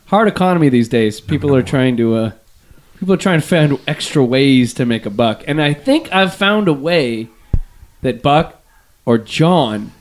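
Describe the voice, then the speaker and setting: A man's voice: mid-range voice, lively intonation, normal speed. A man in his thirties hosting a comedy podcast, joking and laughing as he talks. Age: 30s. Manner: joking, laughs while talking. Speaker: podcast host. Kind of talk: casual comedy podcast banter.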